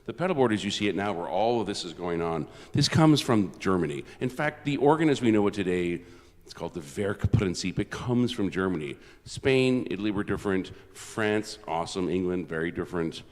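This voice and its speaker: A man's voice: low-pitched, lively intonation, fairly quick, a little mellow. A man from Canada, a concert organist, giving a chatty, self-deprecating spoken introduction with frequent restarts. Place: large church. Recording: long church reverb.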